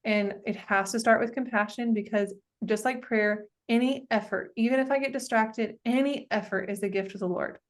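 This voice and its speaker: A woman who works as a life coach, hosting a group and encouraging members in a warm, faith-centered way. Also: on the high side. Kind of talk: supportive group coaching talk.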